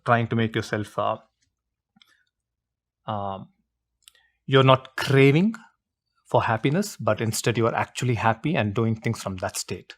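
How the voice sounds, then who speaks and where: A man's voice: fairly low pitch, unhurried, pauses often. A man guest explaining earnestly in an interview, repeating phrases with an emphatic, preaching cadence.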